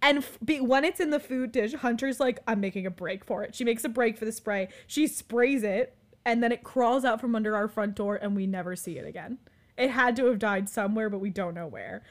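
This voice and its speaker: A young woman in her twenties telling a story in casual chat, animated and full of fillers. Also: on the high side, a little fast. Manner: animated, filler-heavy, frequent "like".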